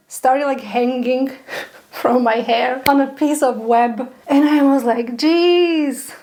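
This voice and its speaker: A young woman telling a pet spider story in a chatty, animated vlog, with frequent laughs and fillers. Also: high-pitched. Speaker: pet spider keeper vlogger.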